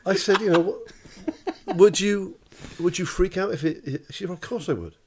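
A man's voice: high-pitched, moderate pace, darkish tone, slightly rough. A middle-aged man co-hosting a podcast, blunt and sweary, telling stories with laughing asides. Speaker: podcast co-host. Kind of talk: casual chat.

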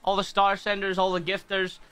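A man's voice: high voice, monotone, brisk, sharp tone, smooth, faint music behind. A man hosting a live stream, overwhelmed, thanking viewers and swearing often. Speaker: livestream host.

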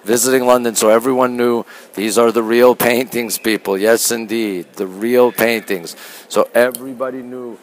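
A man from Canada talks casually into a phone as he strolls through a museum gallery, greeting viewers one after another. He often keeps his voice low, and his pitch sits in the middle range. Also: steady tone, normal speed, a little hiss or hum, rough recording. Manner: chatty, greets viewers by name, often softly spoken. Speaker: livestreamer touring a museum. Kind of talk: casual live-stream chat. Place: indoor art museum gallery. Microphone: phone held while walking.

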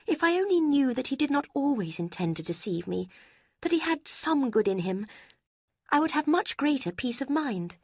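A woman voicing an emotional, remorseful young woman with a high, slow, heartfelt delivery. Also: big pitch swings, a little mellow, no echo, studio quality. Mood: earnest, remorseful.

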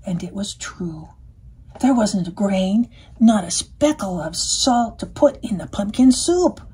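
Woman doing a friendly puppet cat, storybook reader, breathy and husky, slow, lively sing-song pitch. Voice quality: breathy, often half-whispered. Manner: playful, chatty, lingers over words. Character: friendly male puppet cat reading aloud. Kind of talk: children's read-aloud with puppet.

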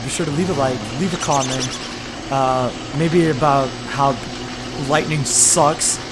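A young man giving casual commentary on his own gameplay, talking to himself and bursting into loud, exasperated yelps. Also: on the high side, moderate pace, heavy background noise. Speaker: let's play gamer.

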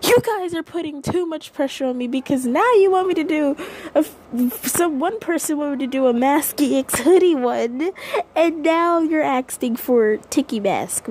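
A woman's voice: high-pitched, darkish tone, slight background noise, low-quality recording. A woman vlogging casually at home to her viewers, nervous and rambling, close to tears. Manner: nervous and rambling, with many restarts and sighs.

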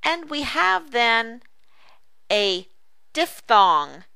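A woman teaching an online phonics lesson, enunciating each word slowly and carefully. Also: a little high, very animated, vocal fry, sharp tone, clean tone, dry recording. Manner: slow, careful, drawn-out enunciation. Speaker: reading teacher.

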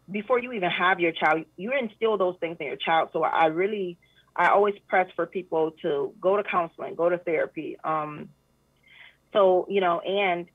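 A woman's voice: fairly low pitch, slightly rough, dry recording. Earnest woman guest on a phone line. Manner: earnest, animated when retelling, many fillers. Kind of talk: casual interview chat. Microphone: phone call.

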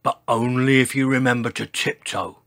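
A man's voice: medium pitch, fairly even intonation, moderate pace, a bit bright, lightly acted. A man voicing a grumpy old male Triceratops who grumbles, snorts and bellows, reading a storybook aloud. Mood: grumbling. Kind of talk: storybook voice acting.

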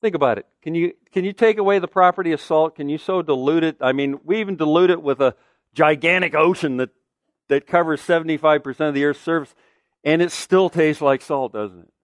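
A man's voice: fairly high pitch, brisk, dry recording, clean studio sound. A man preaching a sermon as pastor, emphatic, asking the listeners questions and answering them.

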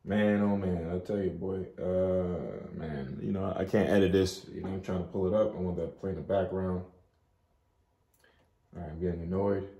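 A man giving an informal Bible study, chatting loosely and reading scripture aloud slowly. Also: low voice, steady tone, creaky, dark tone, echoey room. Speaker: Bible teacher.

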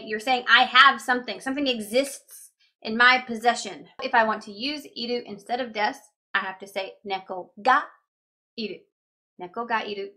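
Bright-voiced woman teaching grammar. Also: on the high side. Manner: chatty, explains with examples and repeats words slowly. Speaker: language teacher. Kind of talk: explaining grammar lesson.

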